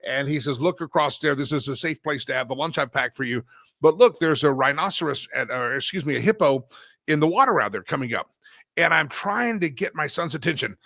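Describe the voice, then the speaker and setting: A man hosting a talk show, telling stories in a lively, animated way with frequent laughs and sudden loud bursts. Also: a little high, brisk, no room sound, studio quality. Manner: animated storyteller, laughs often, swings loud. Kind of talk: casual talk show banter.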